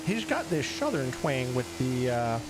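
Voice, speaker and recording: A man's voice: medium pitch, very animated, a little slow, music in the background. A man streaming a roleplay game, chatting casually and talking to himself as he plays. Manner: rambling, talks to himself while playing. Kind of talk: casual gameplay commentary.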